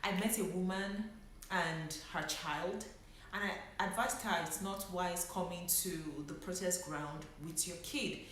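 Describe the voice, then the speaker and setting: A woman's voice: on the low side, slow, fairly bright tone, a little hiss or hum. A young woman, a doctor, telling her own story in a reflective way and holding back emotion. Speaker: medical doctor. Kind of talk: personal vlog storytelling. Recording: very echoey room.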